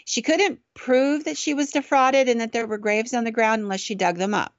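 A woman's voice: a little high, fairly even intonation, normal speed, no room sound. A woman podcast host casually telling a ghost story in a chatty, conversational way, on a dull, dry recording.

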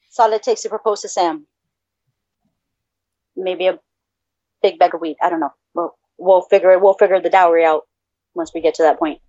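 A woman's voice: lowish voice, steady tone, normal speed, pauses often, warm tone, no room sound. A woman co-hosting a podcast in casual chat, swearing freely and laughing often. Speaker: podcast co-host. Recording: dull lo-fi audio.

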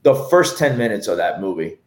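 A man co-hosting a podcast, reviewing a film in a casual chat, telling animated stories and swearing freely. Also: on the low side, a little fast, echoey room. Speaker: podcast co-host.

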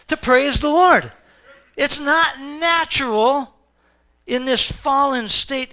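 Man, pastor, fervent sermon, very high voice, bright and forceful. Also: takes it slowly. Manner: fervent preaching, swings from quiet to shouting.

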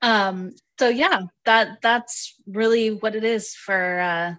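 A woman's voice: medium pitch, steady tone, slow pace, fairly bright tone. A woman in her thirties co-hosting a podcast, chatting casually with frequent fillers and laughs. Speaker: podcast co-host. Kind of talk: casual chat.

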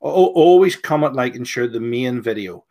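Playful show host. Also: male voice, medium pitch, lively intonation, moderate pace, warm tone. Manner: chatty, playful, laughs easily. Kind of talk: live online chat show.

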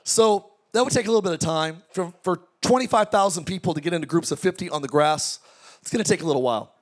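High-voiced, animated male preacher. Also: fast. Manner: energetic, joking preaching with audience call-outs. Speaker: pastor. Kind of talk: sermon. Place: large tent church.

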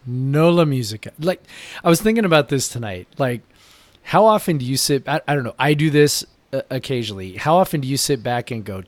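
A man's voice: medium pitch, lively intonation, a little fast, dry recording. A male podcast co-host chatting casually from his basement, sounding tired and frustrated and leaning hard on "like.". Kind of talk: casual chat. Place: home basement.

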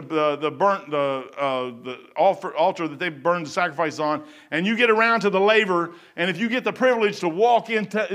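A man preaching a sermon in a folksy, rambling way, swinging between loud bursts and quiet asides. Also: sits high. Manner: folksy and rambling, with stumbles and chuckles.

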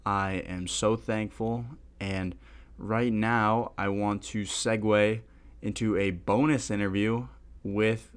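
A young man hosting a podcast, rambling casually and laughing at himself. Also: lowish voice. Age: young adult. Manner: rambling, self-deprecating, laughs often. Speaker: podcast host.

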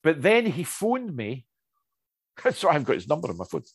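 A man chatting casually and telling anecdotes, lively, with many restarts and asides. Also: fairly high pitch, moderate pace, husky, no echo. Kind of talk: casual chat.

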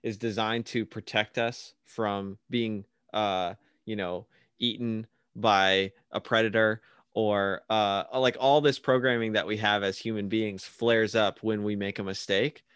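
Low-voiced, easygoing male host. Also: steady tone, measured pace, fairly bright tone, smooth, no room sound, studio quality. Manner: easygoing, laughs often, hesitant fillers. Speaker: podcast host, children's book author. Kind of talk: casual interview.

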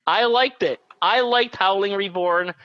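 A man on a film review podcast panel, defending his opinion of a film in an animated way. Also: high-pitched, a little slow, no echo. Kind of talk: casual film review chat. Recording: dry, muffled lo-fi audio.

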